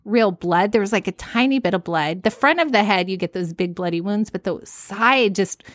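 A woman in her thirties co-hosting a podcast, telling stories in a casual, animated way and laughing often. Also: mid-range voice, normal speed, dry recording. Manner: animated storytelling, laughs often, acts out panicked quotes. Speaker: podcast co-host. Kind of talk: casual chat.

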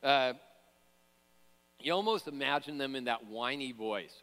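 A man's voice: mid-range voice, expressive, moderate pace, long pauses, fairly bright tone, long reverb tail. A man preaching a sermon as pastor, conversational, with joking asides and frequent fillers and restarts.

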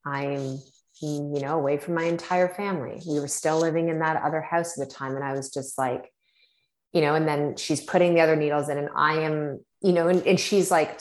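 A woman with a low voice tells a personal story in a relaxed, chatty way. She leans on fillers and acts out her own reactions as she goes. The sound carries some room echo. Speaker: podcast guest. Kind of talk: casual storytelling chat.

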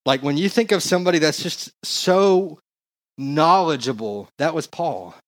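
A young adult man, a pastor, preaching a casual, slangy sermon into a handheld mic and growing more excited as he goes. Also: fairly high pitch, unhurried.

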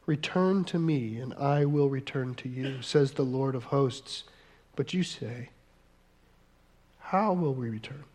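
A man preaching a sermon as pastor, earnest, slowing down for emphasis and acting out quoted voices. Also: mid-range voice, darkish tone.

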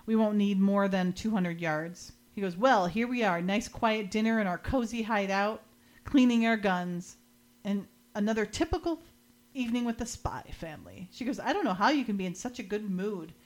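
A woman's voice: medium pitch, expressive, moderate pace. A woman hosting a podcast, casually recapping a TV episode and quoting the characters with light acting and frequent laughs. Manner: quotes characters in lightly acted lines, laughs often. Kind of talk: casual chat, retelling scenes.

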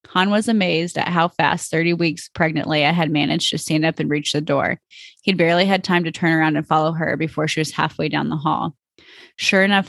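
A woman's voice: sits low, creaky, a bit bright, no echo. A woman podcast host reading fan fiction aloud in a plain storytelling voice, with small stumbles.

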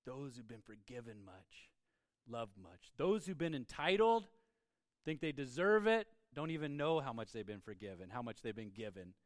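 A man voicing a calm, gentle male religious teacher telling a parable, speaking softly and low. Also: normal speed, no echo, clean studio sound, lightly acted. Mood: earnest. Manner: soft, low, hushed storytelling.

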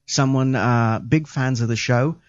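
A man's voice: medium pitch, unhurried, no echo. A man hosting a casual podcast, loose and jokey, with plenty of ums. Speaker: podcast host. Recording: dull lo-fi audio.

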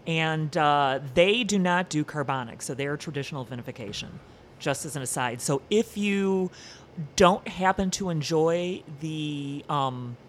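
Low-voiced woman explaining wine. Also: animated, a little slow, a little hiss or hum. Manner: explains wine knowledgeably, laughs easily. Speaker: wine shop guest. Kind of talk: casual podcast chat.

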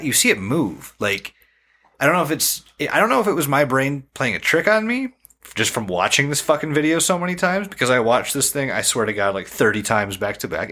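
A podcast co-host with a mid-range, sharp voice and a breathy edge describes a video in casual chat. He rambles and hesitates, using many fillers.

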